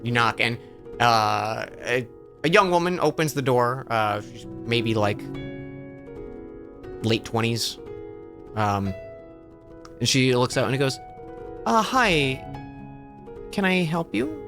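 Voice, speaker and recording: A man narrates a tabletop game as its game master, stopping and restarting his phrases often. His voice is bright, with faint music behind. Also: medium pitch. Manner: halting, with many fillers and restarts.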